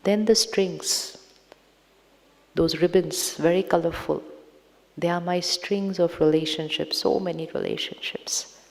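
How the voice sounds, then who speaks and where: A woman giving a spiritual talk to an audience, speaking slowly, repeating phrases and asking listeners questions. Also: lowish voice, big pitch swings, creaky. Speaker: spiritual teacher. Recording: long hall reverb.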